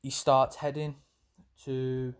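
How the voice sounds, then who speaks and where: A man's voice: medium pitch, level tone, slow pace, clear, resonant tone. A young man retelling a fan story in a rambling, self-correcting way, swearing freely as he goes. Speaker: vlogger.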